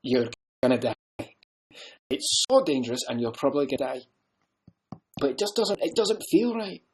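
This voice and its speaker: A man's voice: mid-range voice, big pitch swings, moderate pace, husky. A man doing an impression of a blunt, rambling Scottish time-travelling Doctor, with a Scottish accent. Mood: ranting. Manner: rambling, blunt, loud bursts.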